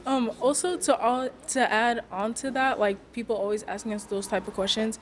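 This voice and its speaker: A woman's voice: fairly high pitch, fairly even intonation, moderate pace. A teenage girl, a student speaking frankly and firmly, with plenty of "like" and "um". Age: teens. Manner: firm and frank, with fillers. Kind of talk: candid reflection.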